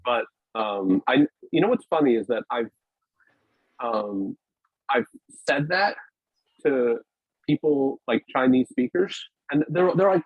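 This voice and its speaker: A man's voice: mid-range voice, expressive, slow pace, long pauses, slightly rough, no echo. Rambling man on a tinny call. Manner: rambling, hesitant, many restarts and fillers. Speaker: podcast guest, weightlifting media founder. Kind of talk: casual conversational interview. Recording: dry, tinny phone-like call audio.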